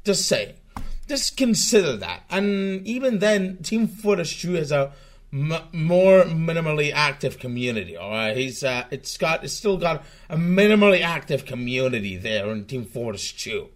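A man's voice: fairly high pitch, big pitch swings, normal speed. A man ranting on a live stream in a casual, profane, rambling way, stumbling through many restarts.

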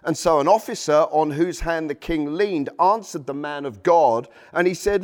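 A pastor preaching a Sunday sermon in church, reading scripture aloud with lively asides. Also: male voice, a little high, normal speed, few pauses.

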